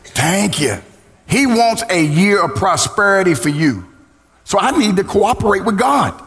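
A middle-aged man preaching a sermon as pastor, swinging into sung, shouted lines and calling on the congregation to respond. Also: sits high, sing-song, measured pace, soft background music. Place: church. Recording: church hall reverb.

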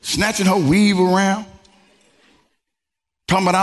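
A male pastor preaching a sermon in a style, swinging from low murmurs to high exclamations. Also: moderate pace, pauses often. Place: church sanctuary. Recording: long reverb from a large church hall.

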